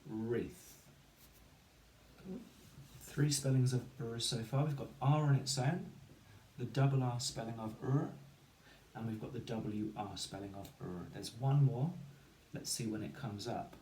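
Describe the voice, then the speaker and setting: Slow, patient man teaching phonics. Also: mid-range voice, warm tone. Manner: slow, counting in and sounding out words syllable by syllable; encouraging praise for pupils. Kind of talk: phonics lesson for children. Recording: echoey room with faint ambient noise.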